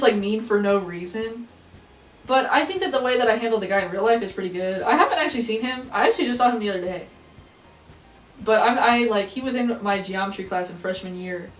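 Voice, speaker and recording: A teenage girl rambling casually in a chatty, giggly way, sometimes breaking into excited squeals. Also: on the high side. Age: teens. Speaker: vlogger. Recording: echoey room from a distance, faint music.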